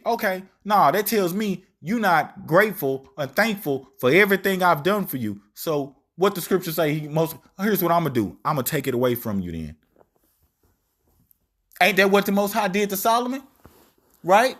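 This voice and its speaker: A man preaching a street-style sermon on scripture, animated and slangy, acting out quotes in shifting voices. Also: high voice, moderate pace.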